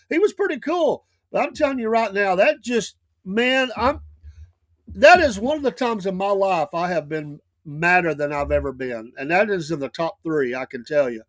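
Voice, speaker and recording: A man's voice: high-pitched, moderate pace, no room sound, studio quality. Rambling Southern man spinning a yarn. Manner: rambling, animated storyteller with many restarts. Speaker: show host. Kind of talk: casual storytelling talk.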